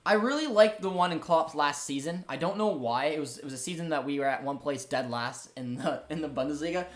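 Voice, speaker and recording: Excitable young man hosting a match stream. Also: a little high, brisk. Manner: excitable, chatty, frequent fillers. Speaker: host of a football watchalong stream. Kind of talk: live stream commentary and chat reading.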